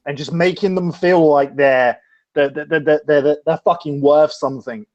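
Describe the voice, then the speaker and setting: A man's voice: a little high, fairly even intonation, normal speed, darkish tone, highs cut off. A man appearing as a guest on a casual podcast, talking in a rambling, profane way and thinking aloud.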